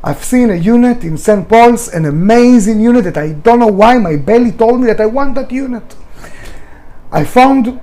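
Here the restaurant founder, a middle-aged man, sounds very high and animated, with a warm tone at normal speed. He's being interviewed and shares frank, emotional stories bluntly, cursing without restraint.

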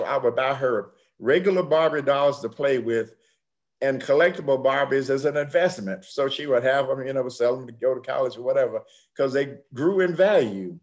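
An older man preaching a sermon, swinging dramatically from hushed, slow passages to loud ones. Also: medium pitch. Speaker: pastor.

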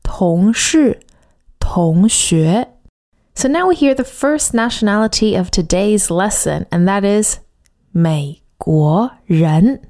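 A woman co-hosting a podcast language lesson, explaining clearly and saying example words slowly. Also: mid-range voice, expressive, a little mellow. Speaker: language teacher.

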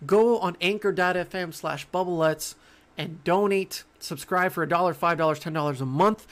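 A young man hosting his own sports podcast, talking casually and jokingly with lots of stammered restarts. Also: fairly high pitch. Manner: animated, rambling, joking, frequent stammered restarts. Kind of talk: casual solo sports talk.

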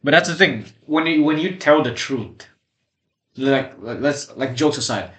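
A man's voice: on the high side, animated, unhurried, a bit bright. A seventeen-year-old boy co-hosting a casual podcast chat, rambling with many restarts and fillers. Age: teens. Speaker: podcast co-host. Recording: echoey room.

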